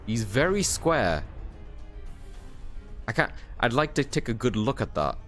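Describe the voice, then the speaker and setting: A man's voice: mid-range voice, sing-song, unhurried, long pauses, faint music behind. A young man streaming a game, talking in a tired, rambling way full of fillers and casual swearing. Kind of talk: casual gameplay commentary.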